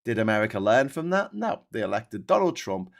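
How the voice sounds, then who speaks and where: A British man hosting a live show, reading viewer comments and ranting in an animated, sweary way with frequent stumbling restarts. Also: lowish voice, brisk, gravelly. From Britain.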